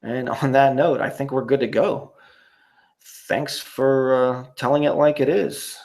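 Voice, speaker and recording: A man's voice: mid-range voice, fairly even intonation, measured pace, a little mellow. A man hosting a live stream, reading out chat messages and signing off in a rambling, profane way with many fillers.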